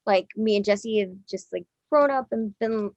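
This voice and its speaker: A woman in her thirties, a musician being interviewed, talking in a rambling, excitable way, swearing freely and laughing often. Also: mid-range voice, normal speed, no room sound, dull audio. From Texas. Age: 30s. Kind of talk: casual chat.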